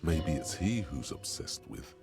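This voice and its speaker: A man voicing the grave, detached narrator of a video game, speaking in measured, deep tones. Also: expressive, vocal fry, over music, heavily acted.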